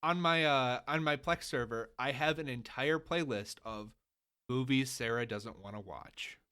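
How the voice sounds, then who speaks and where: A man's voice: medium pitch, unhurried, bright, forceful tone, smooth. A married man co-hosting a casual podcast chat, laying out his points at length and with emphasis. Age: adult, married. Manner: long-winded, laying out rules with emphasis. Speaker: podcast co-host.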